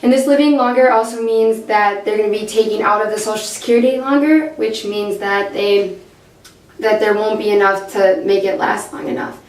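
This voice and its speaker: A young woman giving a class presentation while losing her voice, steady with fillers. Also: medium pitch, normal speed. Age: young adult. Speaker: student presenter. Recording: echoey room, far from the mic, faint noise.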